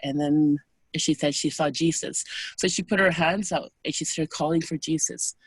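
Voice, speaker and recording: A woman as an interview guest, calmly recounting personal experiences in a soft, unhurried, hesitant way. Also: low voice, husky, dry recording. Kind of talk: personal storytelling in conversation.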